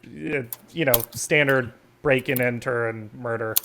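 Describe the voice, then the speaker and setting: A man's voice: medium pitch, steady tone, a little slow, creaky, noisy background. A man narrating a tabletop game as substitute game master, in a loose, rambling way full of fillers. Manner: casual, rambling, lots of fillers.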